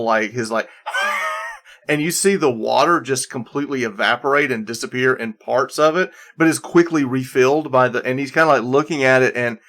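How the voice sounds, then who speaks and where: A man narrating as game master of a tabletop role-playing game, relaxed and full of fillers. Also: medium pitch.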